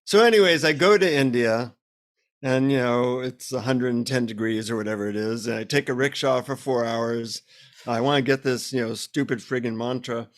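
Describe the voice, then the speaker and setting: Male guest; lively anecdote teller, wry about himself, average pitch. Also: moderate pace. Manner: animated, self-deprecating anecdote teller. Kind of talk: casual interview storytelling.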